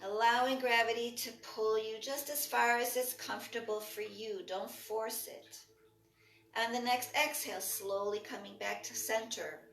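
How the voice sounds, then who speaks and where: Calm woman cueing breath, roomy and distant. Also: fairly high pitch, moderate pace. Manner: calm cueing, breath-paced, short spoken commands. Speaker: yoga and breathwork instructor. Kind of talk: guided movement class instruction. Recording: echoey room from far off.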